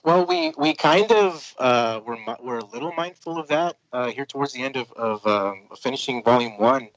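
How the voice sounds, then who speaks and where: A man's voice: mid-range voice, big pitch swings, normal speed, gravelly, highs cut off. A man, a comic book creator, chatting casually as a podcast guest, rambling with lots of fillers and restarts.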